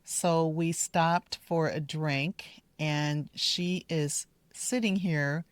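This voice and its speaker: A woman teaching English pronunciation at a relaxed, slow pace with a low voice. She repeats each model word carefully and deliberately. The sound is close and dry, with no room echo. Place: outdoors in a park, walking with her dog.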